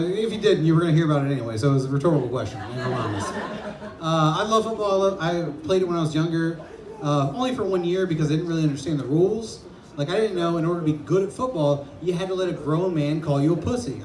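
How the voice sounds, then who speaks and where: A man in his twenties performing a self-deprecating stand-up comedy set on a club stage, telling stories and breaking into shouted impressions. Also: fairly high pitch. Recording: echoey club with audience laughter.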